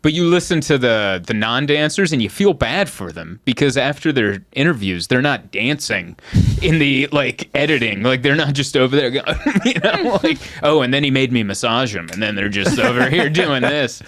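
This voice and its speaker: Comedian host, man, lively swinging delivery, dry close mic. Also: mid-range voice, moderate pace, no room sound. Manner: animated storytelling with laughter and acted quotes. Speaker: podcast host. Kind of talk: casual chat.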